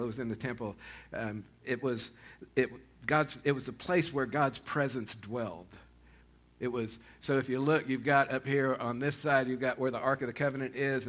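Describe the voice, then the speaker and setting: A man preaching a sermon to his congregation, talking conversationally with restarts and swelling into loud, animated calls to the people by name. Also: medium pitch. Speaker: pastor.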